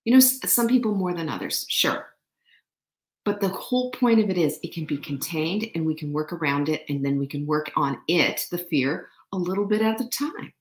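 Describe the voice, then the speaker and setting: A woman's voice: fairly low pitch, animated, normal speed, echoey room. A woman hosting a motivational live show who laughs often and asks her audience question after question. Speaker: host.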